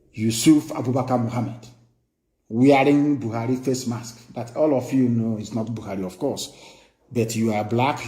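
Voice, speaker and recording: A man's voice: medium pitch, warm tone, reverberant. A man with a Nigerian accent giving a live political broadcast, scornful and impassioned, repeating phrases for emphasis. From southeastern Nigeria. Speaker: broadcaster addressing followers.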